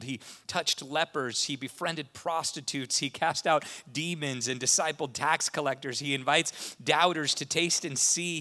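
A man preaching a sermon with impassioned delivery. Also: a little high. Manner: impassioned, rising to animated retellings. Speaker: pastor.

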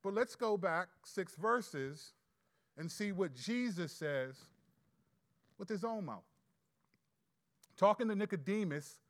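A male pastor preaching a sermon, reading scripture aloud and posing rhetorical questions, moving between loud emphatic passages and quiet asides. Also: high-pitched, animated, slow pace.

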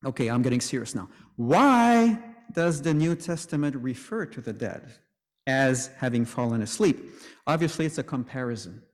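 Man, preacher, sermon, chatty with jokes, mid pitch, long church reverb. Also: animated, normal speed. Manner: conversational, joking asides.

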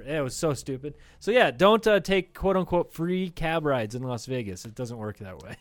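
A man's voice: on the high side, lively intonation, normal speed, few pauses, dry recording. Laughing, cussing Iowa guy telling stories. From northern Iowa. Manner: profane, laughing, storytelling with acted-out quotes. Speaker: podcast co-host. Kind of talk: casual comedy podcast chat.

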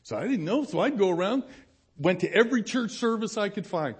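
A man's voice: high voice, lively intonation, fairly quick, breathy edge. A man pastor giving a sermon testimony, telling his story with animation and acting out the voices of people he quotes.

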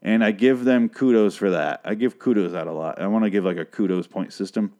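A man's voice: fairly low pitch, a little fast, warm tone. A man casually recapping a TV show on his podcast, profane and rambling, with a dry voice. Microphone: podcast microphone.

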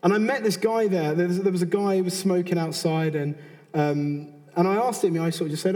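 A man's voice: high-pitched, fairly even intonation, a little fast, warm tone. A British man in his thirties preaching a sermon in an earnest, conversational way, often restarting and adding asides. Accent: British English. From Britain. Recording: long hall reverb.

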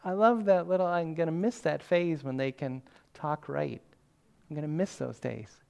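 An older man, a pastor, giving a sermon in a relaxed, conversational storytelling way with self-deprecating humor. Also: fairly high pitch, moderate pace, vocal fry, clean tone.

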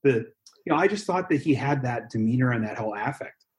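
Animated and quick, an American man at medium pitch co-hosts a chatty podcast. He rambles, makes jokes, and interrupts himself with lots of restarts.

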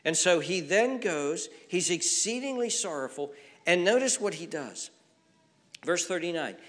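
A man pastor preaching a sermon, swinging from hushed near-whispers to raised, emphatic lines, repeating phrases as he builds. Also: high voice, expressive, unhurried. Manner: repeats phrases and restarts words. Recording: long reverb from a large room.

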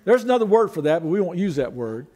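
Pastor, male, very high voice, relaxed conversational preaching with rhetorical questions. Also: fast. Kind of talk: sermon.

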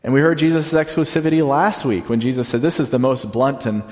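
A man, a pastor, preaching a sermon in a conversational way, slowing down to stress the lines he quotes. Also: medium pitch, steady tone, darkish tone, big-room sound.

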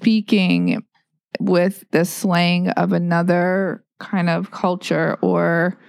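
A woman's voice: on the low side, lively intonation, slow pace, creaky, darkish tone, dry recording, studio quality. A woman in a casual podcast chat who talks bluntly and swears freely.

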